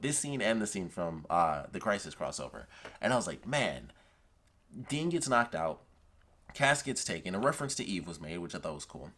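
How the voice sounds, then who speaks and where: A man's voice: on the low side, fairly bright tone. A man reviewing a TV episode in a casual, enthusiastic and rambling way, retelling scenes with lots of "like".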